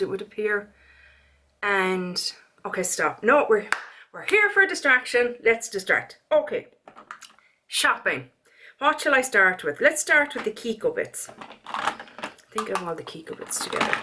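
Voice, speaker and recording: A woman with an Irish accent chatting in a casual beauty haul vlog, animated and quick to go off on a rant. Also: medium pitch. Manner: chatty, animated, prone to rants. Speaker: beauty vlogger.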